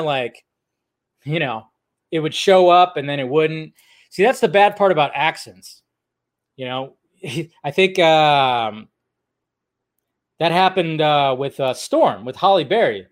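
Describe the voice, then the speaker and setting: A man hosting a casual live video chat, answering viewer comments in a loose, rambling way with lots of fillers and restarts. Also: fairly high pitch. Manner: loose and offhand, swears casually. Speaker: host of a live video show.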